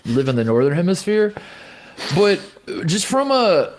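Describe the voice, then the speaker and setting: A man's voice: high voice, big pitch swings, unhurried. A man from Indiana co-hosting a sports podcast, rambling and joking through casual chat and laughing often. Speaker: podcast co-host.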